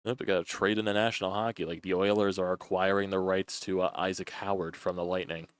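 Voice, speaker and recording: A man's voice: sits low, little pitch movement, quick pace, clear, resonant tone, no room sound, studio quality. A young man doing loose, chatty play-by-play on a live stream, swearing freely as he calls a baseball game.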